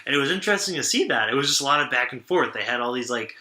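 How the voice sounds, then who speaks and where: A man's voice: medium pitch, expressive, very fast, pushed and bright. A young man co-hosting a sports talk podcast, chatting casually, rambling with lots of restarts and laughter. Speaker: podcast co-host. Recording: echoey room.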